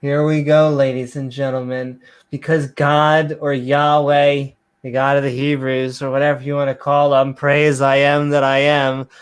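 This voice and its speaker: A man's voice: mid-range voice, level tone, normal speed, few pauses, smooth. A man hosting a comedy show, reading old scripture aloud in a mock-grand voice and mocking it. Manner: sarcastic, reads archaic verses in a mock-grand voice. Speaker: host.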